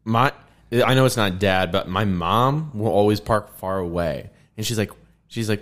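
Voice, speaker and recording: A man's voice: fairly low pitch, normal speed. A man co-hosting a casual podcast, chiming in with dry, teasing remarks. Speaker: podcast co-host. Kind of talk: casual chat.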